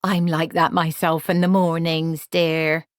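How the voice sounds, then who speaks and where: A woman's voice: sits low, little pitch movement, unhurried, no echo, studio quality. A woman voicing a cheerful, chatty old witch with a folksy way of talking. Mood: comforting.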